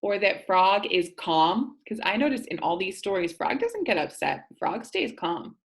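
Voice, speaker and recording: A woman teacher reading a storybook aloud and explaining it to students, asking them gentle questions. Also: medium pitch, big pitch swings, measured pace, gravelly.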